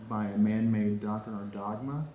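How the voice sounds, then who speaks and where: A man from the congregation adds a hesitant comment, pausing on fillers as he looks for his words. His voice is low and mellow. The room around him is echoey, with a faint hiss. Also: steady tone. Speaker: congregation member.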